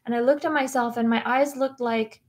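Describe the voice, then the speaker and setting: A woman's voice: fairly high pitch, steady tone, a little fast, a little mellow. A woman guest on a podcast, telling her personal story in an earnest, reflective and candid way. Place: podcast recording room.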